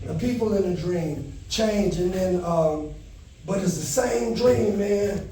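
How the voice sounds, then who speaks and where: Stand-up comic, man, high voice, warm tone, distant mic in a reverberant venue. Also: takes it slowly, a little hiss or hum. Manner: animated storytelling, shouting in panic bits. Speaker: stand-up comedian. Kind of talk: stand-up comedy set. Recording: echoey venue heard from a distance.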